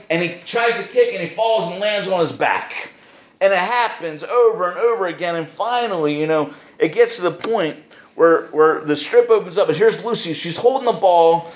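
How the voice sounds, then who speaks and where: A man preaching a sermon in an emphatic, repetitive way with sudden speed-ups. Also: high-pitched. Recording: roomy, dull lo-fi sound.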